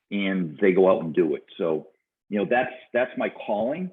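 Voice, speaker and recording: A man in his fifties with a Boston accent, telling his story as an interview guest in an energetic, chatty way and laughing easily. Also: deep voice, moderate pace. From Boston, USA. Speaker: guest, entrepreneur and business coach. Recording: tinny phone-like line.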